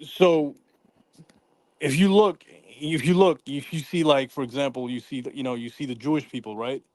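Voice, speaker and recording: A man's voice: mid-range voice, fairly even intonation, moderate pace, a little mellow, dry recording. A man calling in to a live debate, rambling and hesitant, often repeating himself. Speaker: caller. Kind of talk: call-in debate.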